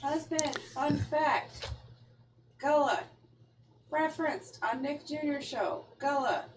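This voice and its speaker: High-voiced teasing woman co-host. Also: expressive, slow pace, reverberant, far from the mic, slight background noise. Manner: teasing, chiming in with short asides. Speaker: podcast co-host. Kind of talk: casual chat.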